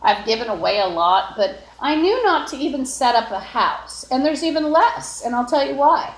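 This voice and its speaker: Indoors in her apartment, a livestreamer speaks to her phone at a moderate pace, her slightly high voice lively in intonation. She drifts from point to point with frequent fillers and restarted sentences, and the room echo is clear.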